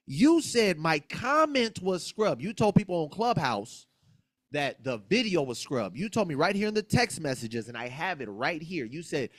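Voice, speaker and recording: Animated, argumentative man on a podcast. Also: fairly high pitch, normal speed, dry recording. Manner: emphatic, argumentative, quoting others, repeats himself. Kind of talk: heated podcast talk, recounting a dispute.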